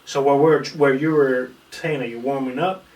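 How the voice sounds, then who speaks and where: A man's voice: mid-range voice, fairly even intonation, normal speed, a little mellow. A young man in casual podcast chat, telling a rambling, profane fight story and acting out the quotes. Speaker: podcast guest, amateur fighter. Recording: echoey room, far from mic, faint noise.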